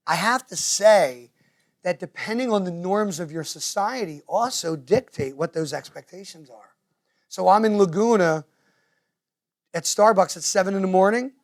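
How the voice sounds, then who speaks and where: A man with a New Jersey accent, speaking to parents in a meeting room and telling stories with quick impressions of other people. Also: high voice, vocal fry. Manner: animated storyteller, quick to mimic others. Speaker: guest speaker. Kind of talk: lively talk to parents. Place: meeting room with a live audience.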